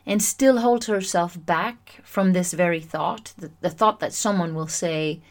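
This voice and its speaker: A woman's voice: on the low side, measured pace. Chatty, self-mocking woman podcast host. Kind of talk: solo self-help podcast monologue.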